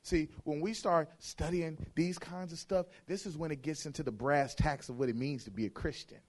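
A man with a notably high voice delivers a sermon from the pulpit. He drives his points home through rhythmic repetition and slips into playful mimicry of churchgoers' talk. His delivery moves between quiet asides and loud, punchy lines. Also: moderate pace. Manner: emphatic, repeats phrases for effect. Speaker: preacher.

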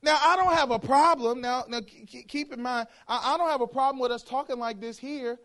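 A man's voice: very high-pitched, a little fast, pushed and bright. A man preaching a sermon, emphatic and playful, hammering his point with repeated phrases and mimicking how churchgoers talk.

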